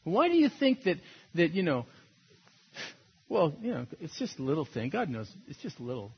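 A male pastor preaching in a relaxed, talky sermon style, with a slightly husky voice that swings widely in pitch. He tells stories and chuckles at his own points. The recording is dull and lo-fi. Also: moderate pace. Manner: conversational, storytelling, laughs at own points.

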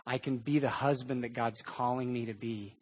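Husky, animated male preacher. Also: medium pitch, normal speed. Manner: animated storytelling, conversational. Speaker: pastor. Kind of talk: sermon.

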